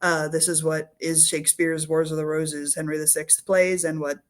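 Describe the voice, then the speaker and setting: A woman's voice: low voice, normal speed. Woman historian telling history playfully. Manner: lively, playful storytelling with acted quotes. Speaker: historian guest. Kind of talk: casual explanatory talk.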